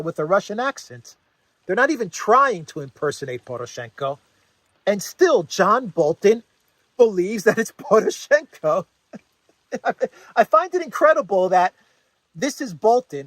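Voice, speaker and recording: A man hosting a casual news commentary show, amused and incredulous, laughing and repeating phrases as he talks. His voice sits fairly high for a man. The recording is dry, with no room sound. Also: no room sound. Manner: repeats words and restarts phrases with "uh". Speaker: host.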